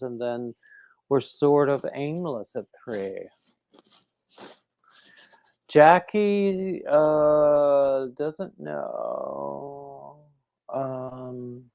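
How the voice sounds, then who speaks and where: A man's voice: medium pitch, darkish tone, clear, resonant tone, dry recording. A man hosting a crafting livestream, rambling casually and reading out viewer comments. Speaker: crochet livestream host.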